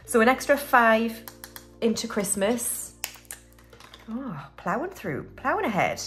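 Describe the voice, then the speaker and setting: A UK woman hosting a budgeting video speaks slowly in a slightly high, somewhat bright voice with big pitch swings, over soft background music. Her commentary is casual as she counts money aloud and guides herself through each cash-stuffing step.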